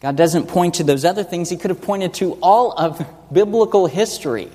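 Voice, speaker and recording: Man, preacher, expository sermon, earnest rhetorical questions, fairly high voice, echoing large hall. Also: normal speed, dark tone. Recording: long reverb of a large hall.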